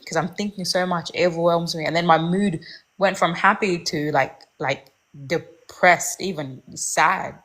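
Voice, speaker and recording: A woman's voice: sits low, fairly bright tone. A young woman casually telling a personal dating story, rambling and candid, with many fillers and restarts.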